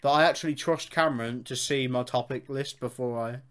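A young man with a Birmingham accent hosting a casual podcast, talking fast, swearing and laughing with his co-host. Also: mid-range voice, a bit bright. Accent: Birmingham English. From Birmingham, England. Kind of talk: casual chat.

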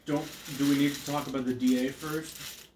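A man's voice: mid-range voice, little pitch movement, moderate pace, crowd noise. A man co-hosting a casual movie review chat, wry and steering the conversation. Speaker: podcast co-host. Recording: roomy, distant mic, faint hiss.

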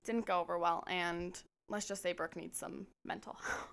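Bright-voiced, blunt young woman. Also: fairly low pitch, steady tone, normal speed, vocal fry, clear, resonant tone. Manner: blunt, self-mocking, swearing. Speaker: podcast co-host. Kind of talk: casual storytelling chat.

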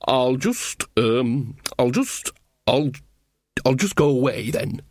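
A man's voice: mid-range voice, animated, slow pace, a little mellow, a little hiss or hum. A man voicing a cheerful, bawdy old female country witch who sounds chirpy and flustered, in a storybook reading. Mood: distracted. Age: older.

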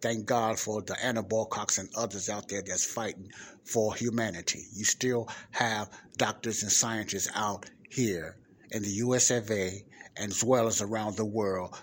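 A man with a fairly low voice gives emphatic commentary, repeating figures and questioning his listeners directly. Faint background noise sits under the recording. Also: unhurried. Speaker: podcast host. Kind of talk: commentary over a played clip.

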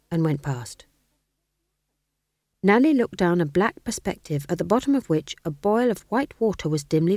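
A woman reads a comic fantasy novel aloud in a measured way. Her pitch moves a lot. The sound is dry and close. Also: mellow, dry recording. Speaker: audiobook narrator. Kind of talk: scripted narration.

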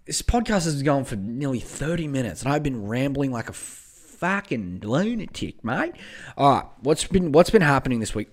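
A man's voice: mid-range voice, very animated, normal speed. A young man hosting a solo podcast on a home mic, ranting bluntly with plenty of swearing and rambling. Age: young adult. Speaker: podcast host.

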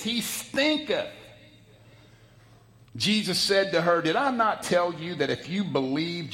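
Male pastor, folksy sermon delivery, higher-pitched voice, dramatic loud-soft swings. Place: church sanctuary.

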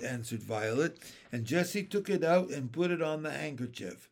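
A man reading a children's chapter book aloud in an unhurried, expressive storytelling way. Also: on the high side, gravelly. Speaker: narrator.

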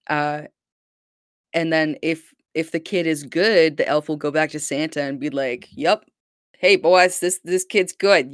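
A podcast co-host telling stories in an animated, exasperated way, sometimes swearing. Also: medium pitch, gravelly, no echo, clean studio sound. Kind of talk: casual podcast chat.

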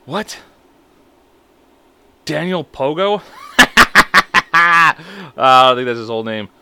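A man's voice: mid-range voice, animated, slow pace, very noisy. A man in his thirties hosting a podcast alone, reading stories aloud and breaking into laughing, profane commentary. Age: 30s. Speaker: podcast host.

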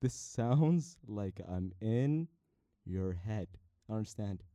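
A young man rambling playfully while testing a microphone, now and then breaking into loud shouts. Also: fairly low pitch, lively intonation, slow pace, dry recording. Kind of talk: casual mic-testing rambling.

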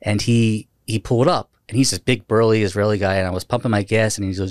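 A man's voice: lowish voice, flat delivery, quick pace, smooth, dry recording, studio quality. A man hosting a podcast in casual chat, who laughs often and acts out the voices in his stories. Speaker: podcast host.

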